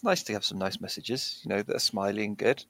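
A man co-hosting a podcast in casual chat, lively and reading out tips from a list. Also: on the low side, brisk, gravelly, dry recording. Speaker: podcast co-host.

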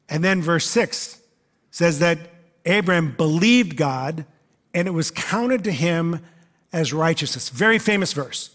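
A man preaching a sermon to his congregation in a relaxed, conversational way, with frequent "uh" fillers and asides to the listeners. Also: high voice, measured pace. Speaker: pastor. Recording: long reverb of a large hall.

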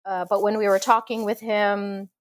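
An expressive woman speaking as a podcast guest, telling her stories with passion and frequent laughter. Her voice sits at a middle pitch. She chats casually in a relaxed interview. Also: normal speed, no echo.

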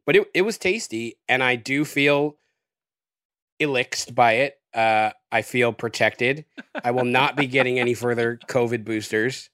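A man talking loosely on a podcast, hedging and filling gaps with ums and likes. His voice sits at a middle pitch, recorded dry and close with no room around it. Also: a little slow, no room sound. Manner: relaxed, rambling with many fillers. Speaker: guest. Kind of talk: casual podcast chat.

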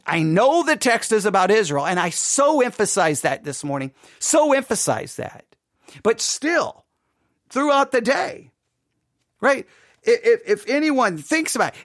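A man's voice: sits high, a bit bright, dry recording, clean studio sound. A man giving an earnest late night devotional talk as a pastor, repeating and correcting himself as he goes. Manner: earnest, repetitive, self-correcting.

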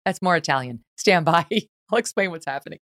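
A middle-aged woman hosting a talk podcast, chatting in an animated, opinionated way with quick asides. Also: low voice, no echo, clean studio sound. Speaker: podcast host.

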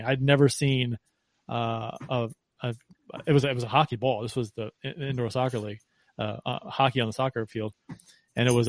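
A man co-hosting a casual podcast, telling a story in a relaxed way and laughing easily. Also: medium pitch, dry recording. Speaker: podcast co-host.

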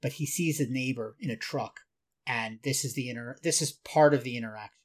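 A man's voice: mid-range voice, fairly quick, a little hiss or hum. A man co-hosting a podcast, retelling a video clip in detail and explaining, sometimes laughing at himself. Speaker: podcast co-host. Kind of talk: casual podcast discussion.

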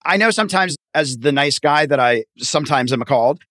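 A man's voice: a little high, expressive, brisk, few pauses, a bit bright, dry recording, clean studio sound. A man hosting an interview, chatting casually and acting out quoted voices in a friendly way. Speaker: podcast host and accountant.

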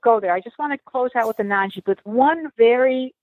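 A woman's voice: fairly high pitch, brisk, dry recording. Emotional woman on a tinny call line. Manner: emotional, restarts often, laughs easily. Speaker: guest author and storyteller. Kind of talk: casual interview chat. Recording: tinny phone-like remote call.

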